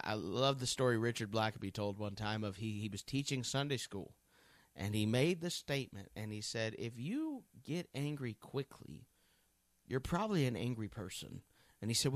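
A man's voice: medium pitch, no echo. A man giving a conversational Bible teaching, earnest and folksy, thinking aloud as he goes.

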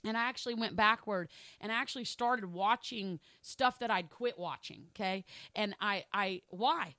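A woman's voice: mid-range voice, normal speed, sharp tone, no room sound. A middle-aged woman pastor preaching a sermon, telling a candid personal story and repeating phrases for emphasis.

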